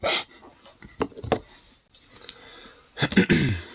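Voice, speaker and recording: A man's voice: extremely slow, pushed and bright. A young man casually reacting to videos, rambling, laughing and swearing freely as he watches.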